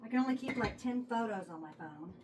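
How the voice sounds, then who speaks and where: A woman with a Texas accent and a slightly high, animated voice talks fast and casually while cooking in her home kitchen, thinking out loud as she goes. She's a home cook vlogger filming on a phone mounted on a tripod, and there's background noise.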